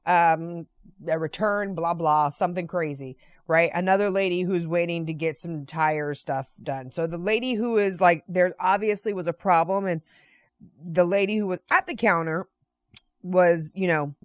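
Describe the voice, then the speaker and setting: A woman's voice: lowish voice, moderate pace, no room sound, clean studio sound. Chatty woman telling a casual story. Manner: animated, chatty, frequent "right?" and "you know"; playfully profane. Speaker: vlogger.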